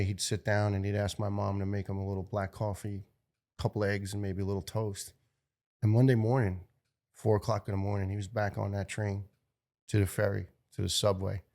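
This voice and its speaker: A middle-aged man from New York, a guest telling a personal story in an earnest, emotional way, halting and repeating words. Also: fairly low pitch, vocal fry, darkish tone. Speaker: interview guest, retired firefighter.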